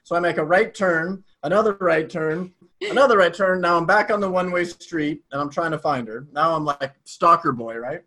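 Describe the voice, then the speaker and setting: Animated higher-voiced man telling a story. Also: fairly quick. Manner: animated, swears casually. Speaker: guest. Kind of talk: casual storytelling.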